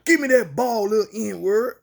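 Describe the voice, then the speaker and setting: A man doing a taunting, bullying older boy, voiced high. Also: expressive, moderate pace, gravelly, heavily acted. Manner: taunting, demanding.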